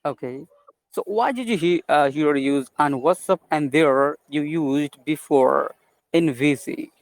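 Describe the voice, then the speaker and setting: A man's voice: fairly high pitch, a little slow, vocal fry, no room sound. Polite, hesitant man student. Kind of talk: asking questions in an online class.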